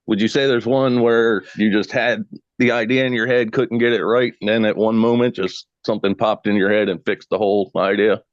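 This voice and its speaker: A man's voice: lowish voice, fairly even intonation, fairly quick, dry recording, lo-fi sound. A man co-hosting an interview, asking curious, easygoing questions in casual chat. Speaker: co-host.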